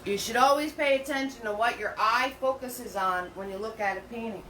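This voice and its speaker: A woman's voice: a little high, moderate pace, bright, forceful tone, recorded from a distance. A middle-aged woman teaching a live painting class in a chatty, rambling way, full of fillers and restarts. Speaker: painting instructor. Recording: roomy, from away from the mic, faint hum.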